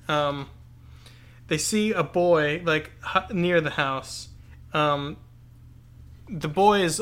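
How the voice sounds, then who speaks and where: A man's voice: fairly high pitch, fairly bright tone. A man co-hosting a podcast, talking through a novel in a casual, thoughtful way that rambles and restarts often. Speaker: podcast co-host. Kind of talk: casual book discussion.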